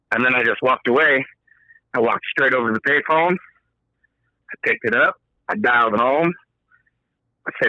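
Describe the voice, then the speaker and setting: Bright-voiced man telling a bar story. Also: medium pitch, normal speed, long pauses, no echo, muffled recording. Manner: profane, acts out quoted dialogue. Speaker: podcast guest. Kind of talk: casual storytelling. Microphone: podcast microphone.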